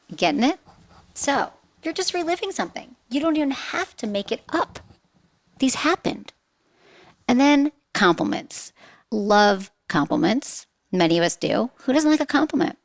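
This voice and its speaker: A woman's voice: on the high side, sing-song, moderate pace, vocal fry, no echo. A woman hosting a podcast, giving chatty sex advice with frequent rhetorical questions. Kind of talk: casual advice talk.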